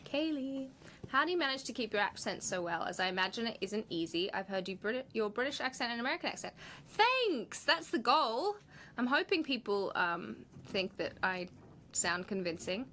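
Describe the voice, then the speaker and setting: A woman's voice: fairly high pitch, animated, a little fast, bright, forceful tone, a little hiss or hum. A woman actress chatting casually on a livestream, reading out viewer questions and answering them in a playful, laughing way. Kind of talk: live Q&A reading viewer comments.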